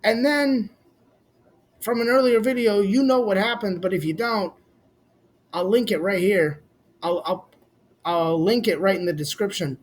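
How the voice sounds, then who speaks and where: A man's voice: high-pitched, unhurried, long pauses. A man giving a blunt, casual, opinionated recap for his vlog, swearing freely and talking straight to his viewers. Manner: blunt, swears casually, addresses fans as "boys". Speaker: wrestling commentary vlogger.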